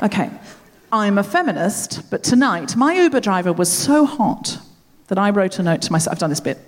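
Animated woman on a reverberant stage. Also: medium pitch, moderate pace, slight background noise. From Australia. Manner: animated, self-mocking storytelling. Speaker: podcast host. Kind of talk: live comedy banter. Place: theatre stage. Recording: long theatre hall reverb.

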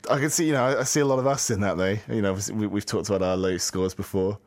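A man's voice: on the low side, fairly even intonation, rapid-fire, no echo. A man co-hosting a podcast with dry, teasing banter. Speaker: podcast co-host. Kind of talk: casual chat.

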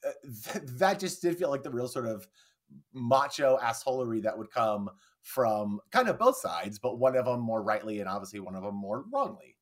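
A man's voice: mid-range voice, expressive, moderate pace. Rambling, swearing male podcast co-host. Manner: rambling, swears freely, acts out quotes. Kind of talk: casual film discussion.

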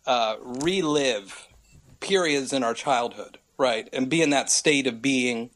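A man's voice: mid-range voice, takes it slowly, fairly bright tone. An American man in his thirties, a regular correspondent on a comedy podcast, rambling through a theory in casual chat and laughing often. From United States.

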